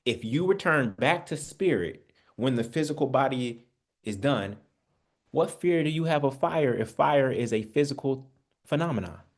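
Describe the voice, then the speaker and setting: Animated and mid-pitched, this man keeps a moderate pace. Leading an online Bible study, he gives spiritual teaching in a chatty preaching style, calling people family and throwing out rhetorical questions.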